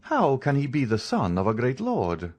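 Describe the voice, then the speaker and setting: A man's voice: medium pitch, wildly swooping pitch, normal speed, voice pushed up. A man reading the part of a stern, commanding count disguised as a priest, questioning in an audiobook. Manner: commanding, interrogating.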